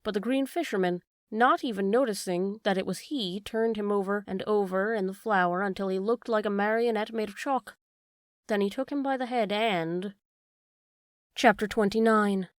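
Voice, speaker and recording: Audiobook narrator: woman, calm measured storytelling, mid pitch, dry. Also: no room sound. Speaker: storybook reader. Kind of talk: scripted narration of a fairy tale.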